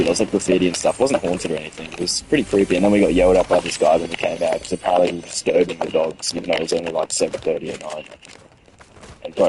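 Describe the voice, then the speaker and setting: A late-teen gaming streamer with an Australian accent and a low-pitched voice chats casually on stream, rambling and heated. He restarts a lot and swears plenty, against a noisy background.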